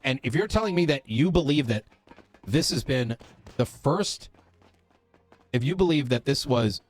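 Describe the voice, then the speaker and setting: A man's voice: mid-range voice, animated, unhurried. A man playing a police officer in a roleplay game, talking in character in an earnest, lecturing way, stopping often with fillers.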